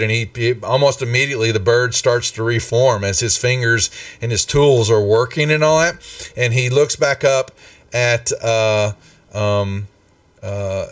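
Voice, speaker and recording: A man's voice: lowish voice, dry recording, far from the mic. A man narrating as game master for a tabletop game, rambling with many fillers and restarts.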